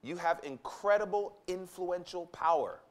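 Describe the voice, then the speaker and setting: A man's voice: high-pitched, unhurried. A man preaching a sermon at a conference, emphatic and repetitive, acting out the voices of the people he quotes. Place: conference hall.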